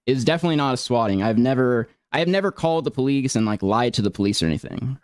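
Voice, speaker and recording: A man's voice: mid-range voice, lively intonation, quick pace, darkish tone, smooth, no room sound. A man talks through his side of things in casual, rambling sentences that often restart. His voice moves around a lot, and the sound is dry and close to the mic. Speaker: streamer responding to allegations. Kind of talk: casual explanatory talk.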